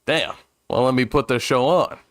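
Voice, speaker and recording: A man's voice: medium pitch, expressive, normal speed, a bit bright, no echo. A male streamer chatting casually during a game, rambling with restarts and frequent chuckles. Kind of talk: casual let's-play chat.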